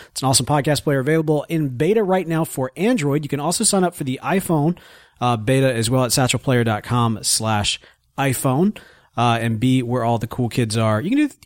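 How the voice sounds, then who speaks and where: A man's voice: mid-range voice, no room sound, studio quality. A man co-hosting a casual podcast, joking around and reading out show plugs. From American South. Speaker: podcast co-host. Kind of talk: casual chat.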